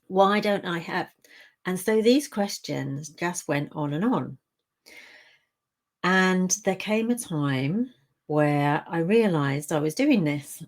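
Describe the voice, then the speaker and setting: A woman with a fairly low voice gives an earnest, conversational motivational talk to camera. She speaks like a coach and now and then acts out the voices in our heads.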